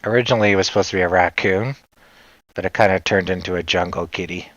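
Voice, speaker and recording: Talking fast in a low, fairly bright voice with fairly even intonation, a Canadian-accented livestream host chats casually. There's no echo, though the sound is dull lo-fi, and he rambles, jokes and laughs often.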